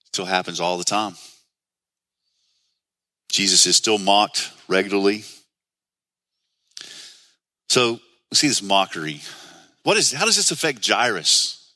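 Bright, earnest preaching man. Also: on the low side, animated, a little slow, pauses often, no echo. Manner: earnest, conversational preaching with rhetorical questions. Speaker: pastor. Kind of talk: sermon.

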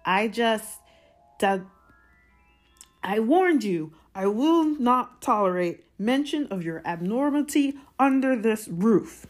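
A woman's voice: fairly low pitch, animated, unhurried, soft background music. A woman voicing a blustering, bullying middle-aged uncle who roars his lines in a storybook reading. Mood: furious. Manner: roaring, explosive.

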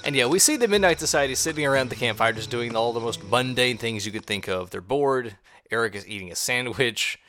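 Lively sarcastic man mocking an episode. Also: mid-range voice, a little fast, a little hiss or hum. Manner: animated, sarcastic, swears, mimics voices. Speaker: podcast co-host. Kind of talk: casual episode recap.

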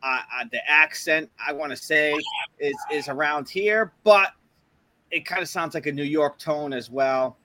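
A man's voice: fairly high pitch, moderate pace, sharp tone, a little hiss or hum. A man co-hosting a podcast, chatting in a crude, profane and enthusiastic way. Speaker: podcast co-host. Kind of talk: crude casual chat.

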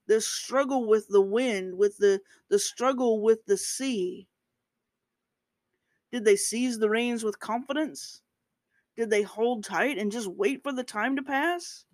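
A woman's voice: fairly high pitch, no room sound. Dry-sounding woman preacher, conversational sermon. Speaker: preacher, podcast host.

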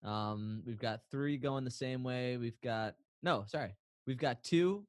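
A man's voice: mid-range voice, a little slow, darkish tone, no room sound. Casual male podcast co-host, playful and laughing, dry close sound. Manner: playful, laughs often, rambling asides. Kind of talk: casual chat.

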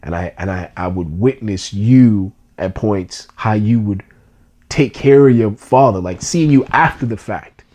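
A man's voice: lowish voice, a little slow, darkish tone. A man co-hosting a podcast, telling a personal story in an earnest, emotional way with casual slang.

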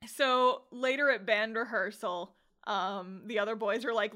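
A young woman co-hosting a casual podcast, retelling scenes in an animated way, laughing often and acting out characters' lines. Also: mid-range voice, moderate pace, hardly any pauses. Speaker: podcast co-host. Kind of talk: casual chat.

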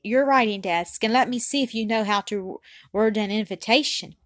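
A woman reading the part of a strict but tender Victorian father, speaking in a measured, formal, gently firm way. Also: medium pitch, no echo, natural voice.

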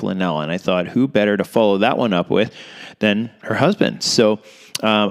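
Relaxed, chatty male podcast host. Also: lowish voice, clean tone. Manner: laid-back, chatty, many fillers. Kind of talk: casual podcast interview.

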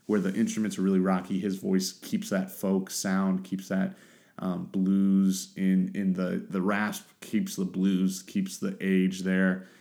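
A man's voice: fairly low pitch, dark tone. A man hosting a solo podcast, talking casually and rambling as he searches for the right words. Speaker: podcast host.

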